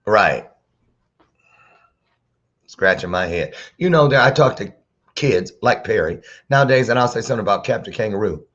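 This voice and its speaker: A man's voice: lowish voice, animated, moderate pace, long pauses, a bit bright. A man hosting a talk show, bantering playfully with a preacher-like flair over a video call. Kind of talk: casual interview chat. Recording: dull lo-fi sound.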